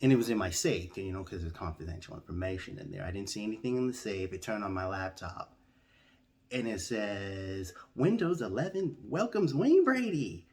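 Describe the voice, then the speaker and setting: Low-voiced man telling a comic story. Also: a little fast. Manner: animated, jumps to a high-pitched outraged squeal when quoting himself. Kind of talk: comedic storytelling monologue.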